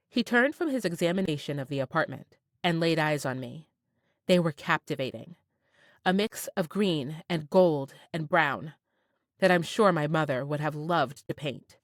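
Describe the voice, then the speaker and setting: A woman narrating a first-person romance audiobook with playful, expressive storytelling. Her fairly low voice swings widely in pitch. The recording is close and dry, with no room echo. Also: normal speed. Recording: dry close studio sound.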